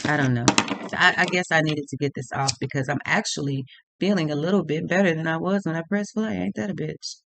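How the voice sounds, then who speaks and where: A woman's voice: low voice, a little fast, vocal fry, fairly bright tone. A woman tarot reader delivering an unscripted rant to her viewers, blunt and heavily profane, laughing now and then at her own points.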